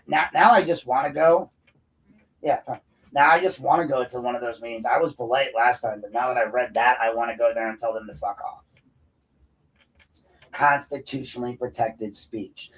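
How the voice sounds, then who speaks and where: A combative man rants through an unscripted podcast, swearing freely and climbing into loud, heated bursts. His voice sits at an everyday middle pitch. He sounds a little distant from the microphone. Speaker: podcast host. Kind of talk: unscripted ranting monologue.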